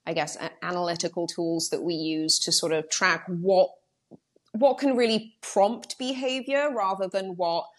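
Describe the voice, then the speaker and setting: Woman guest, young adult, UK-born, low-pitched, casual and talky. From United Kingdom. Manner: chatty, many fillers, quick animated asides. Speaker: journalist guest. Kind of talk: casual interview chat.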